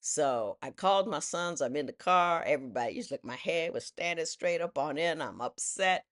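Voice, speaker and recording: Woman, 60s, lively self-deprecating storyteller who drops into quoted voices. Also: low-pitched, moderate pace. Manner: animated, self-mocking, acts out voices in quotes. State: widowed. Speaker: vlogger. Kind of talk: personal storytelling.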